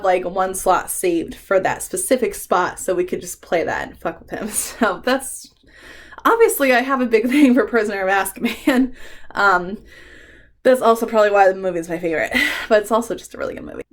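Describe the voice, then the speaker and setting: A woman doing a casual book tag vlog, chatty and emotional, swearing freely and laughing between remarks. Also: mid-range voice. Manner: emotional, fond rambling with frequent ums. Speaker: book vlogger.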